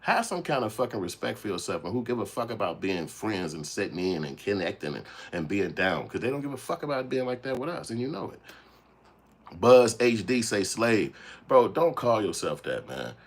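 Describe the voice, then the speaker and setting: A man's voice: on the low side, sing-song, a little fast. Blunt, profane male commentary host. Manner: blunt, profane, ranting, addresses chat viewers. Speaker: channel host commenting on a clip.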